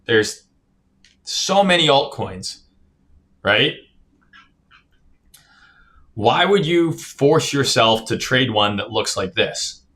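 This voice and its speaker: Here a man's mid-range voice comes across animated yet slow, with frequent pauses and a fairly bright tone. He's casually analyzing crypto charts on a stream, cursing freely, reading viewers' comments aloud, and often saying "right?", all while tired and yawning.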